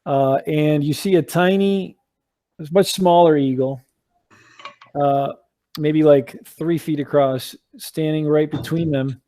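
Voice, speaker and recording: A man runs a tabletop game as game master, narrating slowly in a relaxed way with frequent fillers. His voice sits a little high, and the sound is dry and close. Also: no room sound.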